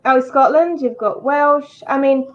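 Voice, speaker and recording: A woman's voice: high-pitched, unhurried, lo-fi sound. A woman with a West Country English accent chatting casually on a livestream, laughing often. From England. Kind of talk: casual chat.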